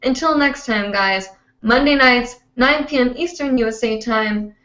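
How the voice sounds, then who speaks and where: A woman's voice: fairly high pitch, unhurried, a bit bright, reverberant, dull audio. A woman hosting a live online show, rambling and chatty with plenty of fillers, heard over a video call. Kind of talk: casual live-stream chat.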